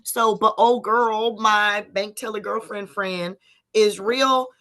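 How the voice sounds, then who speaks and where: A woman's voice: mid-range voice, slow pace. A woman co-hosting a casual podcast chat, telling stories and acting out what others said. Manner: animated storyteller, acts out quotes in other voices. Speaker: podcast co-host.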